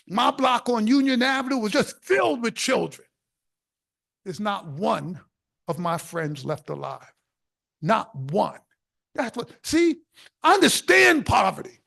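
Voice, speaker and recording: An older man from the South Bronx giving an inspirational speech, telling stories in an animated way with bursts of shouted emphasis. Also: extremely high pitch, gravelly. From South Bronx, New York. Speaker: keynote speaker.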